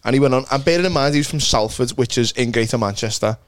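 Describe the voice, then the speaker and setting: A man's voice: medium pitch, no echo. A man with a Liverpool accent, a comedian telling sweary stories in casual podcast chat. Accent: Scouse. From Liverpool, England. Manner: swearing, storytelling, quick anecdotes.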